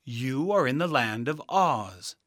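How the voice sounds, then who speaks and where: A man voicing a kind, helpful good witch, his voice raised and gentle, in a storybook reading. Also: mid-range voice, lively intonation, slow, no echo, studio quality. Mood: kindly. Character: kindly good witch woman, warm and helpful.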